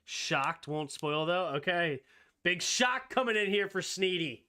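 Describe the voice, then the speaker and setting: A man hosting a casual live sports talk stream, reacting quickly and excitedly with strong opinions. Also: high-pitched. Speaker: streamer host.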